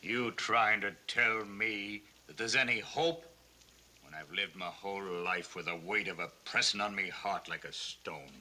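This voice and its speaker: An actor playing a weary, grief-weighed father, speaking slowly and heavily in a 1960s television western. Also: lowish voice, sharp tone, a little hiss or hum. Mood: despairing. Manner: slow, heavy, despairing.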